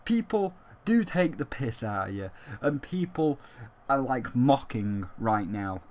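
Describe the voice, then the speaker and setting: A man's voice: mid-range voice, sing-song, a little slow, darkish tone. A young man giving casual, emphatic gaming commentary on his vlog, swearing freely as he argues his point. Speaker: gaming YouTuber.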